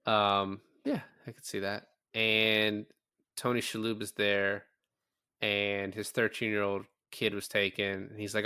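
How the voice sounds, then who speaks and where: A man's voice: fairly low pitch, little pitch movement, measured pace, bright, forceful tone, smooth, no room sound, clean studio sound. A man co-hosting a podcast, casually recapping a film, acting out quoted lines and swearing freely. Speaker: podcast co-host. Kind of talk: casual movie recap chat.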